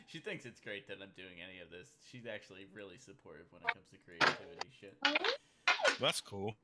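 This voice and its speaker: A man's voice: deep voice, animated, brisk. A man chatting casually in joking, teasing banter, sometimes tired. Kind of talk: casual chat. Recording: crowd noise in background.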